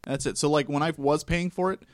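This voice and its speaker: A man's voice: fairly high pitch, fairly even intonation, fairly quick, dry recording, studio quality. A man co-hosting a gaming podcast in casual chat, laid-back and talkative, laughing often. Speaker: podcast co-host.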